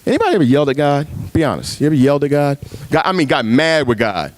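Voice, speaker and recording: A male pastor preaching at a men's retreat, swinging his pitch up high to act out his own cries to God and dropping low for quiet stories. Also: very animated, quick pace, no echo. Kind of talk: sermon. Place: retreat gathering room.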